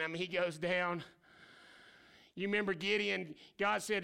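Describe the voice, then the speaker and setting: A man's voice: sits high, fairly even intonation, measured pace, creaky, sharp tone, smooth. A man preaching a sermon as pastor, talking casually with slang and acting out the voices of people in the stories.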